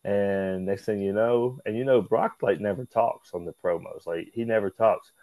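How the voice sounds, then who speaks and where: Man, low and warm, animated storyteller, swears freely, dry close sound. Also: moderate pace, no room sound, low-quality recording. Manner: animated, acts out quotes in raised voice, swears, says "brother" and "man". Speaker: interview guest, pro wrestler. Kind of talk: casual storytelling interview.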